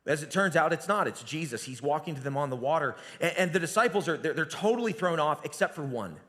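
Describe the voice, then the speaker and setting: Man, pastor, sermon, conversational storytelling, slightly high voice, long church reverb. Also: animated, fast talker. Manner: conversational storytelling with sudden drops to a hushed voice. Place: church sanctuary.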